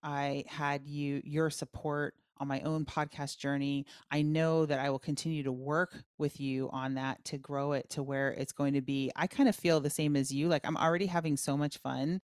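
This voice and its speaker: A woman's voice: low voice, fairly even intonation, moderate pace, few pauses, darkish tone, smooth, no echo, studio quality. A middle-aged woman hosting a podcast interview, chatting casually and effusively with her guest. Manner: enthusiastic, effusive. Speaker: podcast host, purpose coach.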